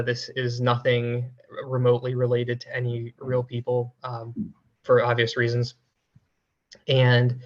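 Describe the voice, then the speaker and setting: Man, casual demo presenter on a video call, flat delivery, lo-fi sound. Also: mid-range voice. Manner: relaxed, many fillers. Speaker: financial analyst presenting a coding demo. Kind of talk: casual technical walkthrough.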